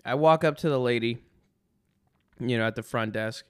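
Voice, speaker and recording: Smooth-voiced man telling a rambling story. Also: medium pitch, normal speed. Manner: rambling and sarcastic, with frequent restarts. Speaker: podcast host. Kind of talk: casual storytelling monologue.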